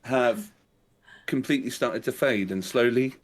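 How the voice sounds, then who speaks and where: A man's voice: mid-range voice, unhurried. A man running a tabletop game as game master, narrating dramatically and chatting with players.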